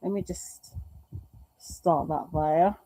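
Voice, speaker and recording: Woman, middle-aged, rambling live-stream host, mellow tone, faint background hiss. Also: low voice, fairly even intonation, slow, rough recording. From United Kingdom. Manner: chatty, rambling, flustered, affectionate. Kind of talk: casual chat reading viewer comments. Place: home room.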